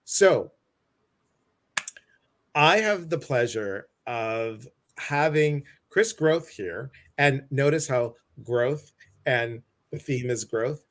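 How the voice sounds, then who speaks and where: A man's voice: medium pitch, lively intonation, very slow, fairly bright tone. A man with a Midwestern American accent hosting a casual livestream, greeting viewers by name and cracking jokes over a video call. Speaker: host.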